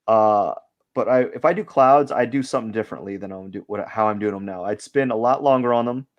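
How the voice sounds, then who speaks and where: A man's voice: on the low side, brisk, muffled recording. A man hosting a live drawing stream, giving casual commentary as he works and thinking aloud in a rambling way, with lots of fillers.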